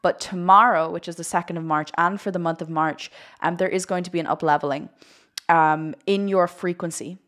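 Woman on a spiritual livestream, giddy and rambly, lowish voice, keeps laughing. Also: fairly even intonation, fairly quick, a bit bright. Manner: talks to viewers directly. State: one eye watering. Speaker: spiritual coach hosting a live video. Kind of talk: casual spiritual vlog on a livestream.

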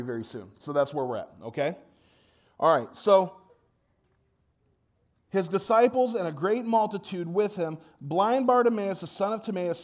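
High-voiced man preaching a lively sermon. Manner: energetic, joking, audience call-and-response; conversational with frequent restarts. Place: church service.

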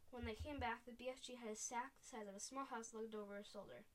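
A woman reading a children's book aloud in a steady storytelling manner. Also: a little high, fast. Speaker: reader. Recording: voice a bit distant from the mic.

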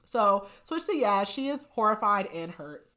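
A woman hosting a podcast, casually retelling a novel's plot with animated quoted dialogue and frequent laughs. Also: medium pitch, unhurried. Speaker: podcast host. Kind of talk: casual book recap chat.

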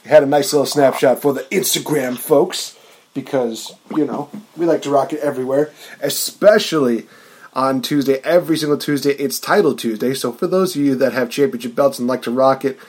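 A man's voice: medium pitch, brisk, a little mellow, slightly rough. A man hosting a wrestling podcast in a hyped, announcer-like casual chat. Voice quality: hype, announcer-like delivery. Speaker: podcast host.

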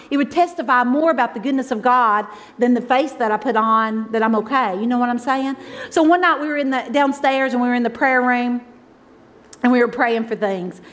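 High-voiced woman preaching warmly. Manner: emotional, conversational preaching, swings from loud exclaims to soft asides. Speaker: pastor's wife preaching. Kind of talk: sermon.

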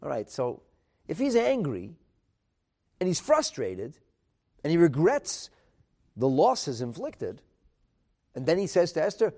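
A man teaching a Talmud class, animated and emphatic, asking rhetorical questions and mixing in Hebrew terms. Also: fairly high pitch, measured pace, pauses often. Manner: mixes in Hebrew and Aramaic terms.

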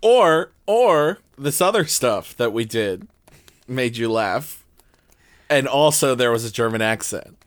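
A man's voice: mid-range voice, lively intonation, takes it slowly, dry recording. A man co-hosting a comedy podcast with exasperated, profane banter. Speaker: podcast co-host.

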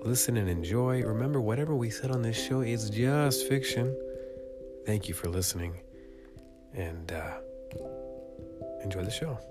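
A man hosting a casual podcast, joking and talking fast with some swearing, on rough amateur audio. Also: mid-range voice, echoey room, loud music behind the voice. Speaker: podcast host.

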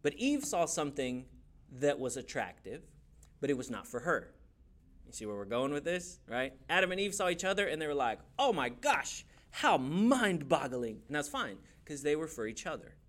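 A man teaching a church youth class in a playful, animated way, often laughing and acting out quick voices. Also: a little high. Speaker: youth pastor.

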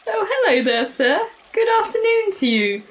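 A woman's voice: sits high, big pitch swings, moderate pace, slight background noise. A woman playing a prim, flustered young noblewoman in a plummy, theatrical voice, improvised comic role-play. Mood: indignant.

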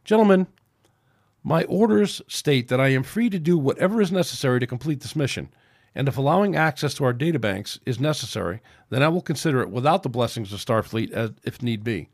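A man reading a steady starship captain. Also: medium pitch, a little fast. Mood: commanding. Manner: steady and commanding. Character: calm, decisive starship captain, male.

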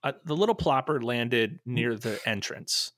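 A man casually telling a long, profane comic story on a podcast, animated and self-mocking. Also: medium pitch, unhurried, dry recording, clean studio sound.

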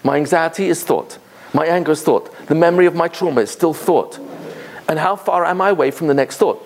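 A man in his fifties preaching a Torah lesson with a fairly high voice. He builds to impassioned, emphatic peaks, then drops into a musing storyteller's tone full of fillers and restarts. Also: a little fast. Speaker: Torah speaker. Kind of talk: sermon.

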